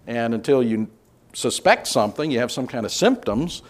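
A man teaching a conversational Bible class, relaxed and hesitant with many filler sounds, putting questions to the group. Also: medium pitch, normal speed. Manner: asks the group questions and reads scripture aloud.

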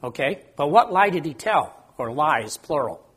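A man's voice: a little high, very animated, moderate pace, a bit bright, breathy edge. An older man leading an informal Bible study, talking conversationally, quizzing the group and joking about his own memory. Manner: conversational, asks the group questions, self-deprecating.

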